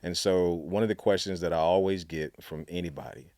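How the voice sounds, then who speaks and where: Deep-voiced man from Alabama. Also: steady tone, fairly quick, darkish tone, no room sound, studio quality. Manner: chatty, many fillers, acts out quotes. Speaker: guest, author and storytelling coach. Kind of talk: casual interview storytelling.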